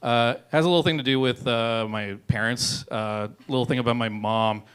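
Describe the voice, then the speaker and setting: Young male comic, mid-pitched, rambling delivery full of fillers and curses. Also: steady tone, normal speed, fairly bright tone, smooth. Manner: rambling, filler-heavy, swearing, laughs at own jokes. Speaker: comedian. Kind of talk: stand-up comedy set.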